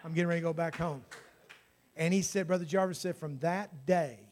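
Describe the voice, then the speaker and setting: A man's voice: a little high, a little fast, darkish tone, a little hiss or hum. A man, a pastor telling a story in his sermon and then praying with fervour. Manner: storytelling that builds to fervent praying.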